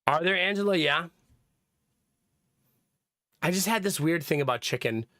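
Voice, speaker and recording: In clean studio sound with no echo, a young man chats casually on his livestream, drifting from topic to topic and laughing frequently. His voice is on the high side, bright and forceful, animated and at a moderate pace.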